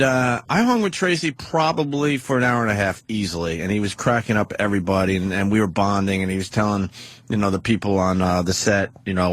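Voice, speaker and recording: A man's voice: fairly low pitch, dry recording. A man hosting a radio talk show, wisecracking and telling rambling stories in casual banter. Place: radio studio. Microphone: studio microphone.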